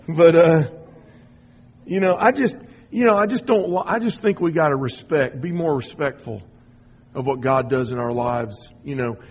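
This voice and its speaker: A middle-aged man giving a rambling, informal spoken testimony, often restarting and clearing his throat. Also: mid-range voice, lo-fi sound. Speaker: speaker sharing a personal faith story.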